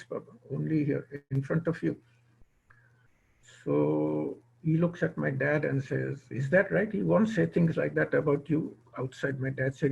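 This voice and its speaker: A man's voice: fairly high pitch, creaky, breathy edge, muffled recording. An older man, born in India, tells a personal story at an online gathering, quoting remembered conversations. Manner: retells remembered dialogue, quoting others. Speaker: guest speaker. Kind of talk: storytelling talk. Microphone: video call.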